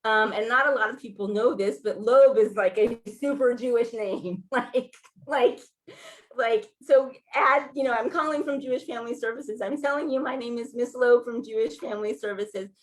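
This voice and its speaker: A woman in her forties from Los Angeles, telling a personal story to a gathering in a conversational, animated way. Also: a little high, moderate pace. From Los Angeles, California. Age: 40s. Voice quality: sounds like a Valley girl. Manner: conversational, animated storytelling with laughs and acted quotes. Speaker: featured speaker.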